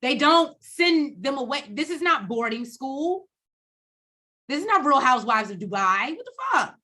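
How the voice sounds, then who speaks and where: A woman co-hosting a reality TV recap, talking in a blunt, profane, animated way and acting out quotes. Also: high-pitched, measured pace. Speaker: co-host of a TV recap show. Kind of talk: casual reality TV recap chat.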